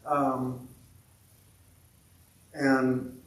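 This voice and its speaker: A man leading a meditation group, talking in a halting, self-deprecating way with many restarts. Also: medium pitch, little pitch movement. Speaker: meditation leader. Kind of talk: reflective talk to a meditation group. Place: meditation temple hall. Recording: echoey room from a distant mic.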